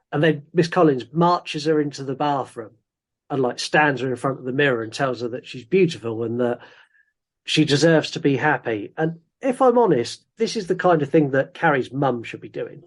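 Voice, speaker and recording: A man's voice: on the high side, animated, moderate pace. A man co-hosting a podcast, recapping a film plot in casual chat and cracking dry jokes between laughs. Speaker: podcast co-host.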